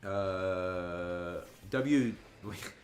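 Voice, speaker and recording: A man in his twenties chatting casually on a gaming livestream, telling stories and jumping high and loud when he quotes his friends. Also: very slow, slight background noise. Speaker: streamer. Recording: roomy echo.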